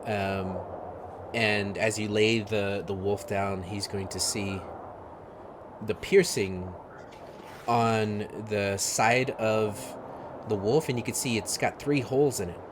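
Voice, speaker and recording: A man narrating a tabletop game as game master, halting with many fillers. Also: fairly low pitch, fairly even intonation. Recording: noisy stream audio.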